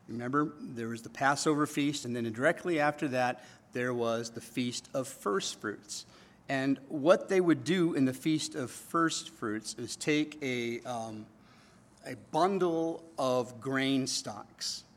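A male pastor preaching a sermon in church before a congregation. He keeps checking in with his listeners and swings between loud, emphatic bursts and quiet, low asides.

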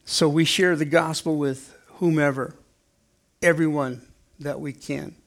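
A man's voice: a little high, steady tone, a little slow, gravelly. A man in his sixties preaching a sermon in a conversational way, acting out the quotes in playful voices. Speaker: pastor.

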